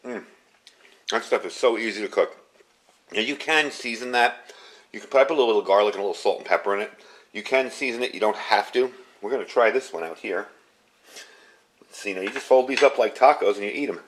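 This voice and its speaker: Speaking a little fast but with long pauses, a fiftysomething man with a lowish voice walks through a cooking demonstration. He's a home cook, relaxed and chatty as he works at the stove.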